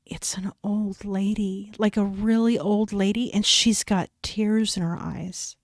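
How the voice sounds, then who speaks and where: A woman's voice: medium pitch, fairly even intonation, measured pace, dry recording. Middle-aged woman, podcast co-host, chatty storyteller, dry close sound. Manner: storytelling with laughs and restarts. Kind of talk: casual faith podcast chat.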